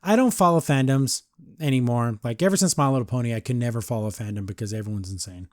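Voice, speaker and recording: A man in a casual podcast recap, talking in loose, rambling runs full of "like" and quick acted-out bits of dialogue. His voice sits at an ordinary middle pitch. The sound is dry and close, with no room around it. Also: no echo. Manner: rambling, heavy use of "like", acts out quotes. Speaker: podcast reviewer.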